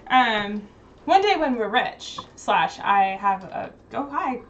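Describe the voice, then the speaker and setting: A woman's voice: a little high, very animated, takes it slowly, lo-fi sound, a little hiss or hum. A woman hosting a casual live stream from home, chatting and laughing while fixing technical problems. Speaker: streamer host.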